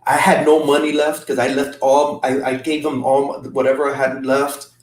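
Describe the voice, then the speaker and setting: A man as a guest, recounting an emotional trip in halting casual talk with many restarts. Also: medium pitch, little pitch movement. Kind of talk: casual storytelling. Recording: roomy sound from a distant mic.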